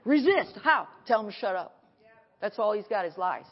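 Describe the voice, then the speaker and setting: A woman pastor preaching an animated sermon at a conference and acting out her dialogue, recorded in an echoey hall. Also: mid-range voice, normal speed. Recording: echoey hall, dull sound.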